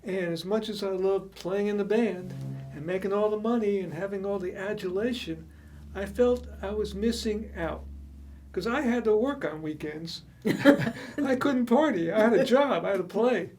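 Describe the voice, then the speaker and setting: A man in his seventies reminiscing in casual chat, relaxed and measured, chuckling at times. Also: high-pitched, a little hiss or hum. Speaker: co-host.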